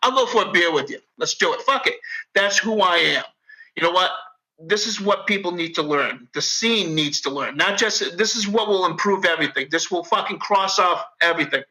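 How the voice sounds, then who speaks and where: A man's voice: high voice, normal speed, poor audio. Profane, rambling man with a Boston accent. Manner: profane, rambling, animated storyteller. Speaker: podcast guest. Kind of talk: casual chat.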